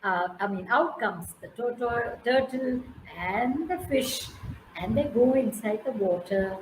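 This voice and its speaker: Here an Indian English-accented woman, her voice on the high side and unhurried, narrates a story to a class, prompting answers and praising listeners by name. The room echoes and the background is noisy.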